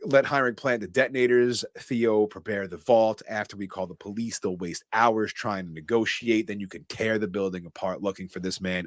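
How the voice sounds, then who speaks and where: A low-voiced man recaps a movie plot scene by scene in casual podcast chat. He is animated, jumping into short voices for each character. The sound is dry and close to the mic. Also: no echo. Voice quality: animated storyteller, doing quick character voices. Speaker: podcast co-host recapping a film.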